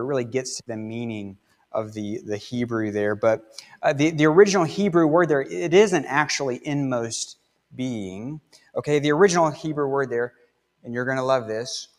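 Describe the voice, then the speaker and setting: A man's voice: mid-range voice, long reverb tail. A man preaching a sermon as pastor, conversational and emphatic, stretching out words for stress. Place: church sanctuary.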